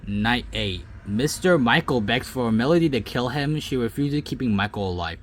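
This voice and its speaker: A young man casually reading out game results and reacting with loud, surprised outbursts. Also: mid-range voice, expressive, normal speed, slight background noise. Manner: reads results aloud, then breaks into loud surprised outbursts. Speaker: gaming YouTuber reading a simulator.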